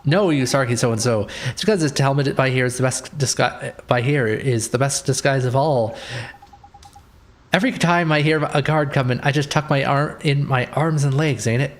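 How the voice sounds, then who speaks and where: A man's voice: medium pitch, normal speed, lightly acted. A man reading aloud as a cheeky, boastful little male fairy sidekick. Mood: cocky. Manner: chatty, teasing read-aloud of game dialogue.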